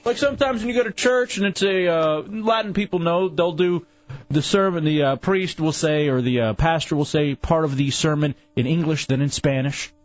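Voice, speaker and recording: A man's voice: on the high side, moderate pace, no room sound, highs cut off. A man hosting a talk radio show, opinionated and argumentative in casual banter.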